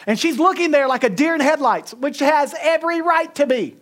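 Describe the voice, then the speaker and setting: A man preaching a sermon, telling a story with humor and quick chuckles. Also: very high-pitched, expressive, fairly bright tone. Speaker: pastor.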